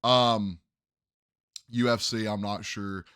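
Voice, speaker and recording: Guy ranting on his sports podcast, bright pushy voice, dry close sound. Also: fairly low pitch, steady tone, slow, clear, resonant tone, no room sound. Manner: emphatic, opinionated, addresses "ladies and gentlemen". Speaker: podcast host. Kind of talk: solo sports opinion podcast.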